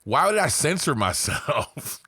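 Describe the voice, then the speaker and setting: A man's voice: fairly high pitch, big pitch swings, a little slow, pushed and bright, husky, no echo, studio quality. A man vlogging to his viewers in a casual motivational rant, emphatic and profane, peppered with "man" and "right". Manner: fillers like "man" and "right", rambling.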